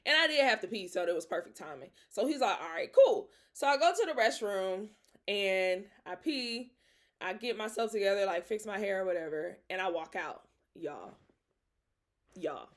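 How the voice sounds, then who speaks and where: A young woman hosting a podcast, telling a story in a lively, dramatic way with slang and frequent laughter. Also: mid-range voice, normal speed. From Atlanta. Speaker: podcast host. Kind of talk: casual storytelling.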